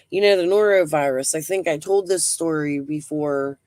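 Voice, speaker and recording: A woman's voice: deep voice, moderate pace, a little mellow, no echo. A middle-aged woman hosting a casual live stream. She talks bluntly, rambles, swears freely and breathes heavily.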